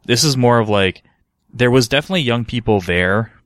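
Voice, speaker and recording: A man's voice: mid-range voice, animated, brisk, a bit bright, no room sound, studio quality. A man from Canada, a podcast co-host, telling a rambling story in casual chat, swearing freely.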